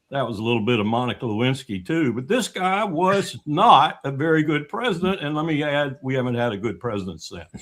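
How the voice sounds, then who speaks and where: An older man, a former military staffer, talking bluntly and scornfully as a guest in a political discussion. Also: medium pitch. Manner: blunt and scornful, mocking with put-on voices.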